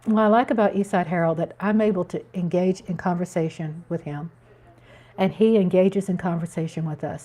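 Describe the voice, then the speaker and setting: Excitable woman streamer, chatty and rambling, talking straight to her viewers. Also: lowish voice. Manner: chatty, excitable, rambling with many restarts and laughs. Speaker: live-stream host. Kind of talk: casual chat to live viewers.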